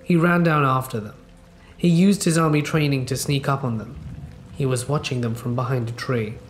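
Man, scary story narration, calm, measured, middle-pitched, faint rain in background. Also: a little hiss or hum. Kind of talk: scripted narration. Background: faint rain ambience.

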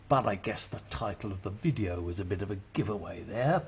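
A man's voice: fairly low pitch, lively intonation, fairly quick, vocal fry, hardly any pauses, husky. A man hosting a casual car repair vlog, talking in a dry, teasing, joking way.

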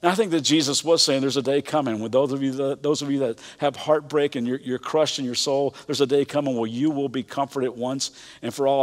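A man preaching a sermon as a pastor, talking in a conversational, animated way with casual slang and repeated phrases. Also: medium pitch. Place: church auditorium. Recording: reverberant church hall.

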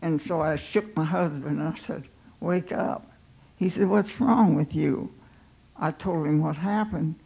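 An older woman, a pastor's wife, telling her life story in an unhurried, halting way, voicing her own thoughts aloud. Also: low voice, warm tone, breathy edge, rough recording.

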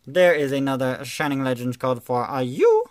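A man doing casual, playful commentary while opening trading card packs, excitedly calling out cards and teasing his viewers. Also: medium pitch, moderate pace. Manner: excitable, calls out card names with bursts of energy.

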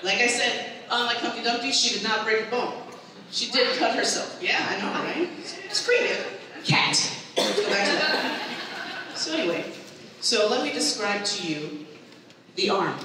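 A woman performing a stand-up comedy set, telling a family story in an animated way and acting out the people in it. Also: medium pitch. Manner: animated storytelling, acts out her mother's voice. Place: comedy event hall with live audience. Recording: echoey hall, far from mic, audible room noise.

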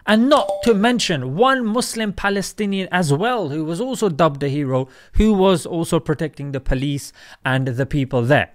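A man delivering a heated commentary monologue. His voice sits high and moves a lot, rising sharply on questions. He pushes each point with emphasis and a conversational edge. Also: moderate pace. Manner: animated, emphatic, rhetorical questions. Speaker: host. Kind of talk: opinion vlog commentary.

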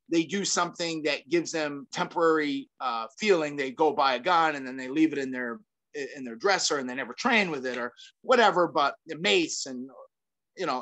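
Energetic, rambling middle-aged man. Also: a little high. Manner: energetic and rambling, with many restarts, fillers and casual swearing. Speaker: guest, former fighter and self-defense trainer. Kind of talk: casual interview conversation.

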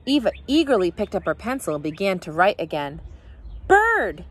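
A woman, a teacher, reading a children's picture book aloud with expressive, animated storytelling. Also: lowish voice, quick pace.

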